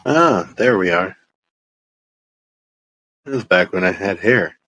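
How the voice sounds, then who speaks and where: A man's voice: low voice, expressive, slow, sharp tone, poor audio. A man, co-hosting a podcast in casual, rambling chat. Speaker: podcast co-host.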